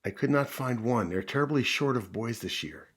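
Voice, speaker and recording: A man voicing a gentle, patient mother dog who speaks in a soothing, coaxing way. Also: mid-range voice, animated, normal speed, breathy edge.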